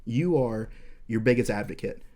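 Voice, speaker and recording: A man's voice: fairly low pitch, moderate pace, darkish tone. A young adult man hosting a podcast, telling a war story in a profane, intense, rambling way with frequent fillers. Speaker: podcast host, veteran.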